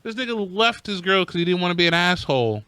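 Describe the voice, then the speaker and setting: A man co-hosting a podcast, ranting in a profane, slangy, animated way during casual chat. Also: high voice, quick pace, smooth, no echo. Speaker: podcast co-host.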